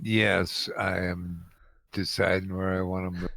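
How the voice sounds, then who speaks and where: Brash, gravelly male player. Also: sits low, level tone, unhurried, a bit bright. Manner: brash, joking, swears. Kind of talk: casual chat.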